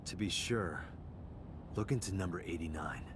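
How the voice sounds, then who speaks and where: A man's voice: sits low, normal speed, noisy background, close to an everyday voice. An actor playing a brash male police detective who questions people bluntly and cockily. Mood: cocky.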